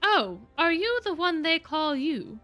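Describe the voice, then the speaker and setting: Lady reading as a calm mysterious horned guy, slow and kinda sad, bright high voice. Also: faint music behind, full character voice. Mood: wistful. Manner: slow, calm and faintly melancholy. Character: mysterious aloof horned young man.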